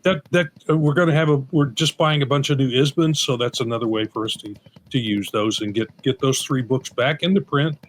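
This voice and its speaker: A man's voice: mid-range voice, fairly quick, slight background noise. A man co-hosting a podcast as the publisher, talking in an easygoing, rambling way and often correcting himself mid-sentence. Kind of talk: casual chat.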